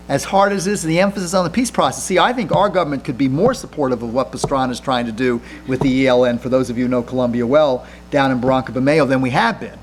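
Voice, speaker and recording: A man in his fifties, a senator and guest speaker, answering audience questions in a lecture room, earnest and halting with frequent restarts. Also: medium pitch, slight background noise.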